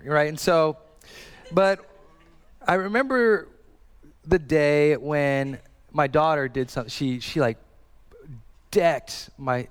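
An earnest male preacher in his thirties with a somewhat high voice. He talks conversationally and leans on repetition to drive each point home. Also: expressive, takes it slowly, smooth, in a large hall. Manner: earnest, conversational, repeats phrases for emphasis. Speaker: pastor. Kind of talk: sermon.

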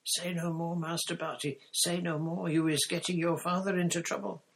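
A man voicing a frantic, devoted female house-elf servant in a shrill, shrieking voice for an audiobook. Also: level tone, moderate pace, gravelly, slightly rough. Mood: pleading.

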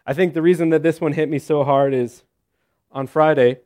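A man preaching a sermon in a conversational style, with joking asides and lively storytelling. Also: on the high side, normal speed. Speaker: pastor.

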